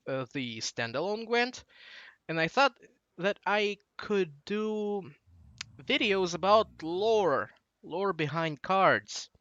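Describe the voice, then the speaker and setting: A young man in his late teens with a Russian accent speaks slowly in a slightly high, bright voice. He rambles through a casual monologue and drifts from one thought to the next. The recording is dry and close. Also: no echo, dull audio. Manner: digressive, loses his train of thought. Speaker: channel host.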